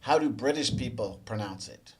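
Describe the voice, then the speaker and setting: A man teaching English. He asks the viewer quiz questions, then explains the answers in a relaxed, conversational way. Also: mid-range voice, normal speed. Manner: relaxed and conversational, with small restarts. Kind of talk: explanatory lesson narration.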